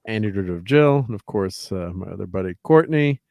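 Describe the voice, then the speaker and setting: A man with a lowish voice hosts a laid-back livestream, rambling through shout-outs with uhs and restarts. The sound is dry and close, with no room in it. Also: a little fast, creaky, no room sound. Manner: relaxed, rambling thank-yous with fillers. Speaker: host. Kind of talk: casual livestream chat.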